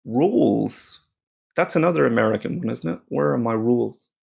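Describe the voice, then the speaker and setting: A man's voice: medium pitch, expressive, normal speed, gravelly, a little mellow, breathy edge. An Irish man thinking aloud as he works through German app lessons, rambling and joking at himself. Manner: rambling, self-mocking, talking to himself. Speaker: German-learning video creator.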